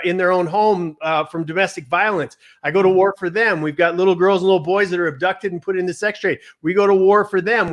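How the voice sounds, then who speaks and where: A man speaking as a guest on a live video call, telling his story in a blunt, emphatic and rapid way. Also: high-pitched. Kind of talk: casual livestream talk.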